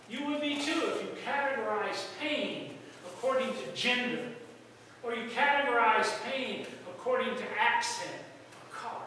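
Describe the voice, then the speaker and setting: High-voiced pastor in an echoing church. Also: male voice, slight background noise. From United States. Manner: folksy storytelling, sudden loud outbursts. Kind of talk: sermon. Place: church sanctuary. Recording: echoey hall from far off.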